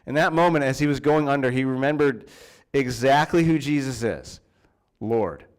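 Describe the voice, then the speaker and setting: A man's voice: mid-range voice, moderate pace. A man preaching a sermon in a church, in a conversational way with fillers and restarts. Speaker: pastor.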